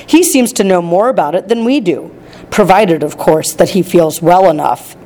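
A woman doing a gentle, careful father. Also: sits high, lightly acted. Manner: careful, measured reading aloud. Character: gentle, nervous father of a poor family.

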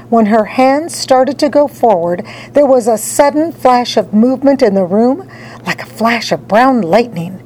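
A woman narrating a children's story in an expressive read-aloud style. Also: a little high, slight background noise, rough recording. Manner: animated, dramatic storytelling.

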